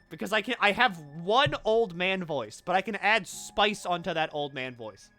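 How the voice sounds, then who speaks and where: Bright-voiced man joking through a let's play. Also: high voice, animated, moderate pace, faint music behind. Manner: joking, chatty, trying to talk without moving his lips. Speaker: streamer. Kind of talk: casual let's play commentary.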